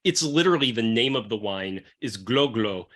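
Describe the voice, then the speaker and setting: A man's voice: medium pitch, lively intonation, brisk, a bit bright. A man hosting a podcast, chatting loosely and profanely about wine. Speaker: podcast host pairing wines with comics. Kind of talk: casual chat.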